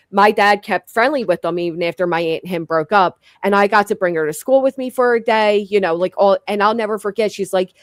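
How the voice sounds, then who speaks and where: A woman's voice: medium pitch, no echo, studio quality. Enthusiastic American woman hosting. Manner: enthusiastic, talkative. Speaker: host. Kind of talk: casual chat.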